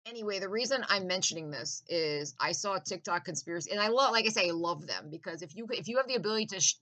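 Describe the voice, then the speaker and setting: A woman's voice: on the low side, pushed and bright, low-quality recording. A woman in a casual, profane, intense rant with laughing asides.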